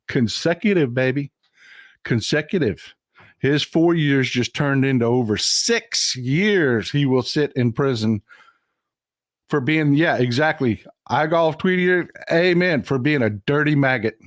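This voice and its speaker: An older man talks straight into a close, dry mic on his own livestream. His voice sits a bit on the high side, and he speaks plainly and profanely, stopping now and then to read out and thank viewer comments. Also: no echo. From Texas. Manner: blunt, profane, reads viewer comments aloud. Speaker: livestream host.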